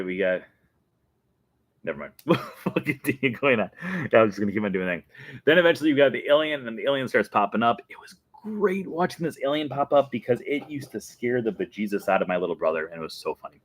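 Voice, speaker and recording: A man's voice: mid-range voice, dry recording. A man hosting a casual fan show, talking enthusiastically and laughing often. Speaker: host. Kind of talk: casual chat.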